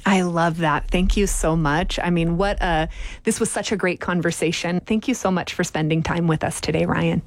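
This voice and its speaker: A woman's voice: on the low side, fairly even intonation, moderate pace. A woman hosting a Christian podcast and radio interview, chatting in an encouraging, affirming way. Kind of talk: faith interview chat.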